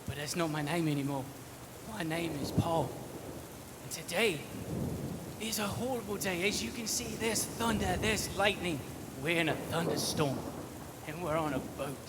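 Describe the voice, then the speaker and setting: A man acting out Paul for a children's Bible skit, telling the story in an excited, swelling voice. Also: a little high, very noisy, lightly acted. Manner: breathless storytelling that swells to loud, joyful exclaiming. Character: Paul, adult man caught on a storm-tossed ship. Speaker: church volunteer acting out a Bible figure. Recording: loud thunderstorm sound effects behind the voice. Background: heavy rain and thunder.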